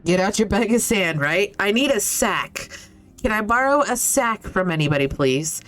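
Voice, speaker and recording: A woman's voice: medium pitch, lively intonation, normal speed, fairly bright tone. A woman streaming a video game, chatting casually, reacting aloud and swearing now and then. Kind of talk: casual live-stream commentary.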